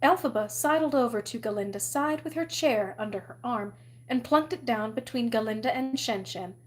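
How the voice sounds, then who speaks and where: Woman reading a novel aloud, expressive. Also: fairly high pitch, normal speed. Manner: expressive, storytelling. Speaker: reader.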